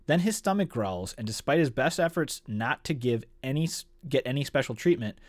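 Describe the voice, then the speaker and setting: A man's voice: medium pitch, expressive, brisk, dry recording. A man hosting a casual book discussion, enthusiastically summarizing chapters and reading passages aloud. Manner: enthusiastic, summarizes the plot and reads excerpts aloud. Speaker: book discussion podcast host. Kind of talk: casual book club chat.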